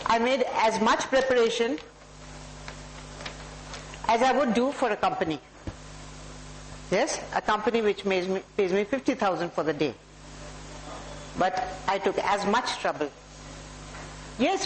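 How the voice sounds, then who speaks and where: A woman's voice: medium pitch, slight background noise, rough recording. A woman with an Indian English accent giving a motivational talk to a live audience, speaking directly to listeners and calling on them by name. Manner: warm, direct, addresses audience members by name.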